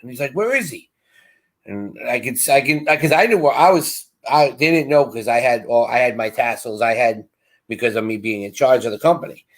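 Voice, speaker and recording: A middle-aged man casually telling a long story, animated and acting out the voices of the people in it. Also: medium pitch, brisk. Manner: animated, acts out quoted voices. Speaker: co-host.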